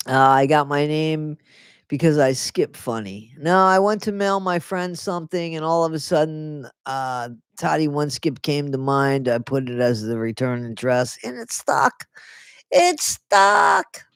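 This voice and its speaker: A woman streamer reading a book aloud and breaking off for sarcastic, animated commentary. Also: low-pitched, measured pace, clean tone, dry recording, studio quality. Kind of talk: casual read-aloud with running commentary.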